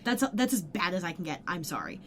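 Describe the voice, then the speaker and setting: A woman's voice: on the low side, big pitch swings, brisk, a little hiss or hum. A woman co-hosting a podcast in casual chat, blunt and jokey, swearing offhandedly and playfully opinionated. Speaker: podcast co-host. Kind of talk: casual chat recapping a TV episode.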